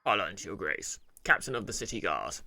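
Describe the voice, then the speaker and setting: A man voicing a stout, calm, middle-aged male guard captain in a rough put-on Northern English accent. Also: low voice, normal speed, no echo, pitched below the performer's own voice, exaggerated voice. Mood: gruff.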